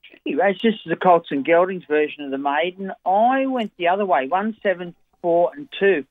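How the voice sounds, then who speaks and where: An Australian man with a fairly high voice runs through his racing picks in a chatty, keen way. His voice comes down a thin, tinny phone line. The sound is dry and close. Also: animated, normal speed, no room sound. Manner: chatty, enthusiastic form analysis. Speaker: racing tipster. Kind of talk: radio racing tips.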